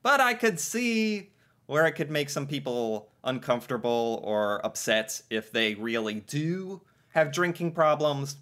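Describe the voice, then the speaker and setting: A man in easygoing conversation, his pitch swinging widely as he reacts and muses. His voice is bright and forward, and he laughs often and talks through his thoughts. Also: a little slow. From United States. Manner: animated, laughs often, thinks aloud. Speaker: co-host. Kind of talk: casual chat about slang.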